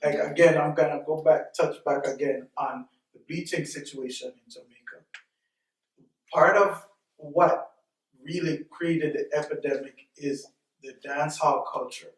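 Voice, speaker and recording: A man's voice: a little high, fairly even intonation, unhurried. A man in a casual group discussion who makes his points by retelling jokes and cultural examples. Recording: echoey room, mic at a distance.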